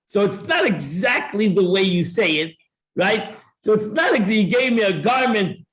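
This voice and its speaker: Guy teaching a torah class, kinda high voice, acts out both sides, lots of restarts. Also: lively intonation, moderate pace, a bit bright. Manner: repeats words and restarts often. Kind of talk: classroom Talmud lesson.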